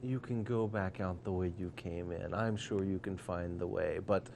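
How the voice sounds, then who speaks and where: A man voicing a dainty, prim mayor's wife who speaks quietly and measuredly. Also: low-pitched, fairly even intonation, normal speed, vocal fry, slight background noise, pitched below the performer's own voice. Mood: polite.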